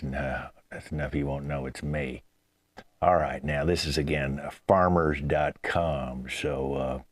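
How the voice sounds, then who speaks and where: A man hosting a live improvised comedy show over a video call, brisk and chatty. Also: a bass voice, no room sound. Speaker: game show host.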